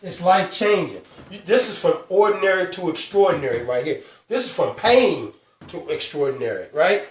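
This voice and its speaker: A man hosting a live financial talk, stressing each number slowly and calling out to his viewers. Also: high-pitched, animated, recorded from a distance, a little hiss or hum. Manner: emphatic, drawn-out numbers, calls out to viewers. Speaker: host. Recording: echoey room, speaker away from mic.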